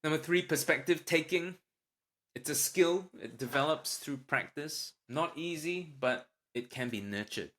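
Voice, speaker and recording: A man hosting a solo parenting podcast, calmly explaining tips and acting out sample lines a parent might say. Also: fairly high pitch, measured pace. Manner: calm, explanatory, acts out parent lines with a livelier voice. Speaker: podcast host, parenting doctor.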